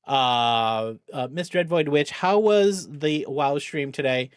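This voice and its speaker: A middle-aged man hosting a charity game stream, talking casually, thinking aloud with many restarts and greeting viewers with bursts of excitement. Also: on the high side, slow pace, few pauses, clear, resonant tone, dry recording, clean studio sound. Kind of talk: casual livestream chat.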